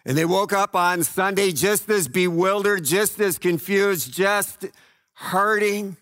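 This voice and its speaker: A man preaching a sermon, telling the story dramatically and swinging between loud cries and hushed low lines. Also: slow, dry recording, studio quality. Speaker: pastor.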